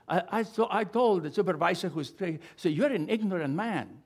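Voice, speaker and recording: Lively, high-voiced preaching man. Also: normal speed, slightly rough. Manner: impassioned preaching with storytelling asides. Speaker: pastor. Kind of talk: sermon.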